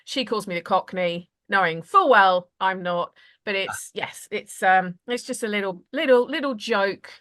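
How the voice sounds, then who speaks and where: A woman's voice: medium pitch, a little slow, hardly any pauses, fairly bright tone. A woman with an Essex accent hosting a podcast interview, chatty and rambling with frequent laughs. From Essex, England. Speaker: podcast host.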